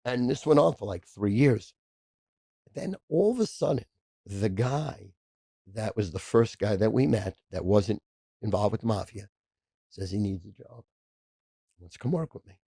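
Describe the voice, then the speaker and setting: A man's voice: fairly low pitch, animated, vocal fry, dark tone, breathy edge, no room sound. A man, a podcast guest telling profane, brash stories in casual chat. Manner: brash, profane, rapid storyteller.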